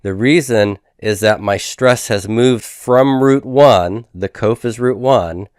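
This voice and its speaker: A man's voice: fairly low pitch, slow pace, a little mellow, no room sound. Male lecturer, patient and methodical, resonant voice recorded dry. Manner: patient, explanatory, repeats and drills forms. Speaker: Biblical Hebrew teacher.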